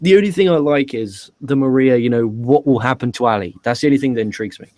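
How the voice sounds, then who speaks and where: A man's voice: mid-range voice, quick pace, darkish tone, no echo. A man co-hosting a podcast, recapping a wrestling show in a dry, matter-of-fact way. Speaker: podcast co-host.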